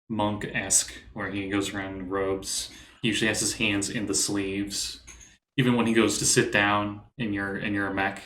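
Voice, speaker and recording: A man narrating his character in a tabletop game, calm and descriptive, in a roomy space with faint background ambience. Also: fairly low pitch, slight background noise. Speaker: player.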